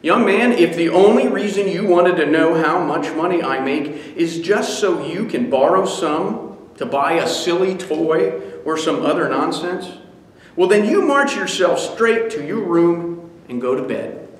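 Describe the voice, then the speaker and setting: A man's voice: fairly high pitch, sing-song, normal speed, distant mic. A man playing a tired, irritable father who scolds his young son, in a story read at a devotion. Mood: angry. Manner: gruff, scolding. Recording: echoey hall.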